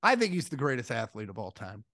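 A man co-hosting a podcast, rambling and swearing casually, with sudden animated bits of mimicry. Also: medium pitch, fast talker, gravelly, no room sound, clean studio sound. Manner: rambling, profane, jumps into animated impressions. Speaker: podcast co-host.

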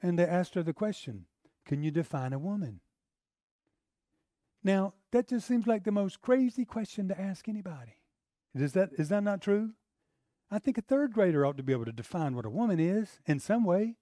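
A middle-aged pastor with a drawl delivers a sermon, talking to his congregation like a neighbor before climbing into forceful, emphatic bursts. His voice sits a little higher than most men's. The sound is dry and close, with no room echo. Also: animated, a little fast. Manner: conversational preaching, rising to emphatic outbursts.

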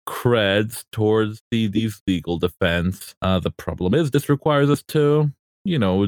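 A man playing a sly, smooth-talking crew boss. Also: lowish voice, darkish tone, no echo, clean studio sound. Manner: wheedling, persuasive, chatty.

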